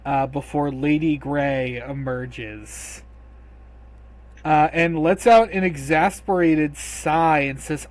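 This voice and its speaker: Male game master, unhurried and descriptive, voice on the higher side. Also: fairly even intonation. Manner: measured, descriptive storytelling. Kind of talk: narrating a tabletop game.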